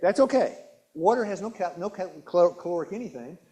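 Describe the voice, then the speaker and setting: Quick-paced and expressive, this warm, high-pitched presenter quizzes a church hall audience during his nutrition talk. He repeats key words and keeps restarting his sentences.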